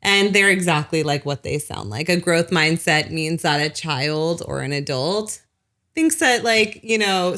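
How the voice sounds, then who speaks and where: Woman psychologist explaining, lower voice. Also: a bit bright. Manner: explains at length, with many "like" and "you know" fillers; acts out short parent quotes in other voices. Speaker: educational psychologist guest. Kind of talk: casual podcast chat.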